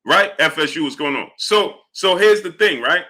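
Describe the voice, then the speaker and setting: A man hosting a live boxing stream, breaking down fights and greeting chat viewers, animated and repeating "right?" and "you understand?" between points. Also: normal speed. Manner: low mumbled shout-outs to viewers. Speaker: livestream host. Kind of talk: live boxing commentary and chat shout-outs.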